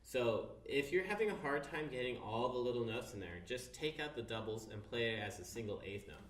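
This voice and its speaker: A man's voice: medium pitch, lively intonation, a little fast, slight background noise. A man teaching a cello part step by step, counting the beats aloud with patient instructions. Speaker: music teacher. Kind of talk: instrument tutorial. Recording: roomy, distant mic with cello playing.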